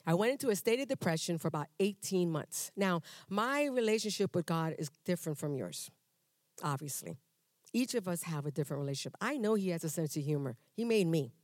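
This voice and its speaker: A woman shares her personal testimony before a congregation in a church. She talks in a conversational, animated way, acting out dialogues with humor and restarting her sentences as she goes. Her voice sounds dry and close, with little room sound. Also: on the low side, a little fast, no room sound. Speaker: church member giving testimony.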